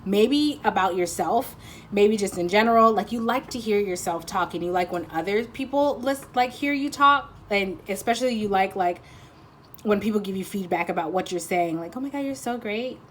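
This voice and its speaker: A woman's voice: medium pitch, moderate pace, slight background noise. Rambling, laughing woman tarot reader. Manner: rambling, animated, laughs often, teasing. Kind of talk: casual pick-a-card reading.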